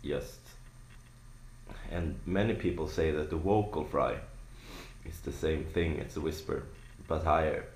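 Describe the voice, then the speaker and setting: A young man with an extremely deep, gravelly voice talks slowly through a screaming technique. He rambles, restarts and fills gaps with "uh" and "like", sounding casual rather than polished. The home recording has a noticeable echo from the room. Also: fairly even intonation, a little hiss or hum. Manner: rambling, filler-heavy explanation. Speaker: vocal tutorial maker. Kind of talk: casual spoken tutorial.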